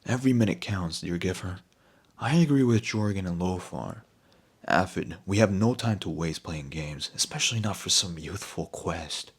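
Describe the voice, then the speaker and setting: A man's voice: low voice, animated, moderate pace, breathy edge, full character voice. A man voicing a proud young nobleman who speaks curtly and dismissively. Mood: impatient. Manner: curt, dismissive.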